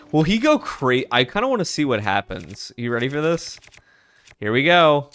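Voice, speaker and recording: A man's voice: a little high, sing-song, measured pace, over music. A man giving casual let's play commentary as a video game streamer, chatty, swearing and laughing often.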